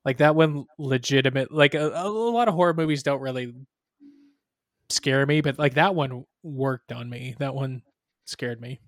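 Hesitant mid-pitched podcast co-host man. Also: normal speed, dry recording, studio quality. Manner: hesitant, many "um"s, trailing off softly. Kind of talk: casual chat.

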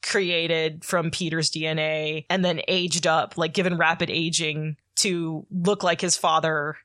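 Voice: medium pitch, flat delivery, measured pace, sharp tone, no room sound, clean studio sound. A podcast co-host casually recapping a comic story, rambling with lots of filler words and the odd swear.

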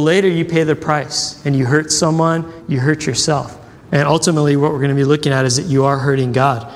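A man preaching a sermon as a pastor, telling a story with acted-out quotes and questions to the crowd. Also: a little high. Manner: animated storytelling, acts out quotes, asks audience questions. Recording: long hall reverb.

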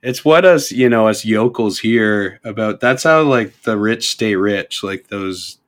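Rambling Canadian man, casual chat. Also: lowish voice. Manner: rambling, halting, with many fillers and self-corrections. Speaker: podcast guest.

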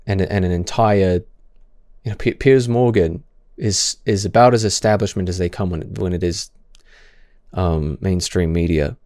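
A man's voice: low-pitched, a little mellow, no room sound, studio quality. A man in his twenties who stutters, giving impassioned stream commentary with frequent restarts and repeated words.

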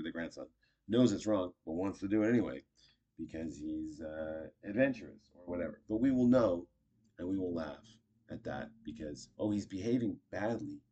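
A man's voice: sits low, mellow, husky, highs cut off. A man casually teaching improv, chatty and acting out short example lines. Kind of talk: casual instructional talk.

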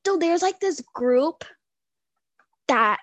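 Young female co-host, high pitch, chatty storyteller with lots of fillers, dry recording. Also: animated, takes it slowly, a bit bright, dry recording. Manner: rambling storytelling with many fillers and restarts. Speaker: podcast co-host. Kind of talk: casual chat.

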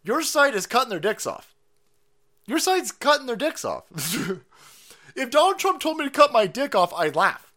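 A man hosts a livestream and rants about politics in foul, mocking language. His voice sits fairly high for a man, and he laughs between his jabs. He swings between drawn-out sneers and quick outbursts. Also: big pitch swings, pushed and bright. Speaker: streamer host. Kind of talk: profane political rant.

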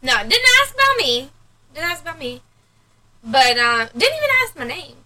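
A woman co-hosts a casual podcast, her voice sitting high and sounding crisp and bright. She tells stories with energy and slips into other people's voices when she quotes them. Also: moderate pace, poor audio. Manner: animated storyteller who acts out quoted voices. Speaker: podcast co-host. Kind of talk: casual chat.

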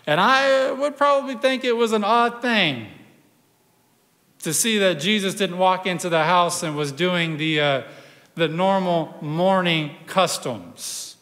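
Slow, bright male preacher in a reverberant hall. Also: high voice. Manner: storytelling, dramatic pauses, drops to a hush. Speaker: pastor. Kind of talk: sermon.

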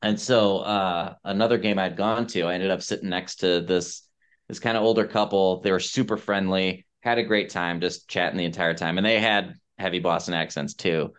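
A male podcast host with a smooth, clear voice that sits a little low. He chats casually and tells anecdotes with animated accent impressions thrown in. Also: normal speed. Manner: animated storyteller who mimics accents. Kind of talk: casual chat, storytelling.

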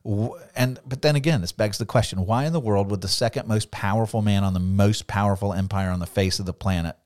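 Middle-aged man, podcast co-host, casual scripture discussion, animated, acts out quotes, laughs often. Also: fairly low pitch, fairly quick. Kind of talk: casual Bible study discussion.

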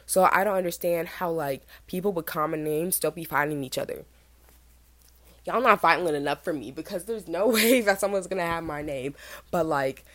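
A young woman hosts her own podcast and chats through a story, animated and quick to mimic other people. Her voice sits fairly low for a woman, and the dry, close recording has no room sound around it. She sounds a little under the weather. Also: no room sound. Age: 20s. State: feeling sick, burping. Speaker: podcast host. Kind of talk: casual storytelling monologue.

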